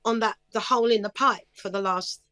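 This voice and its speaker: A middle-aged woman talks in an interview with a chirpy, upbeat manner and brings her stories to life. Her voice sits at an everyday pitch. The recording is close and dry, with no room sound. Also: fairly quick, dry recording. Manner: chirpy, upbeat, animated storytelling. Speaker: guest singer. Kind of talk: casual interview chat.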